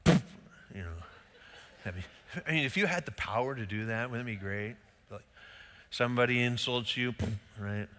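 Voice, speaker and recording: A man's voice: medium pitch, moderate pace, long pauses, very noisy. A middle-aged man, a pastor, preaching a casual, conversational sermon with rhetorical questions and little acted-out quotes. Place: church sanctuary. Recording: long hall reverb.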